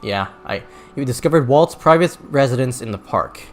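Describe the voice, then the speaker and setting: A man's voice: mid-range voice, lively intonation, moderate pace, a little hiss or hum. A man streaming a video game, talking casually in a rambling way with many restarts and stumbles. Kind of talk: casual gameplay commentary.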